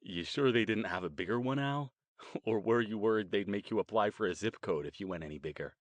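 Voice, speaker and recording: A man's voice: lowish voice, brisk, no echo, close to an everyday voice. A male narrator voicing a friendly young man who talks in a teasing, joking way. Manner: teasing, jokey.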